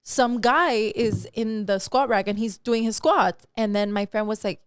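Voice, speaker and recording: A woman's voice: a little high, measured pace, hardly any pauses, no room sound, studio quality. A woman co-hosting a podcast, chatting casually, laughing and swearing freely, mixing in Spanish words. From California. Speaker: podcast co-host. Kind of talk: casual chat.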